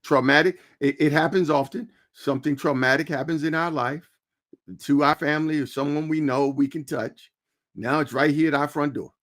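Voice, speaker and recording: A man's voice: a little high, fairly even intonation, moderate pace, fairly bright tone. A man, the guest in a casual interview, mostly giving brief affirming interjections.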